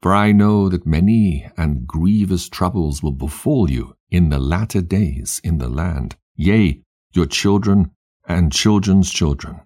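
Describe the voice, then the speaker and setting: A man voices a dying old patriarch who gives his sons a grave last charge. The voice is deep, dark and husky. The reading is unhurried and solemn, a storybook scripture reading. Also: heavily acted. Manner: solemn, measured exhortation.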